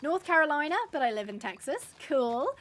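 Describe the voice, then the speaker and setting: A woman's voice: high-pitched, animated, a little fast, fairly bright tone. An English woman live-streaming a game, chatting casually and rambling, laughing often as she reads out the chat. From England.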